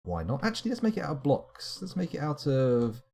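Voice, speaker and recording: A man's voice: on the high side, huge pitch swings, brisk, gravelly, darkish tone, husky. A man streaming live, rambling wryly to himself as he plays. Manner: rambling, muttering to himself, wry asides. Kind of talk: live game commentary.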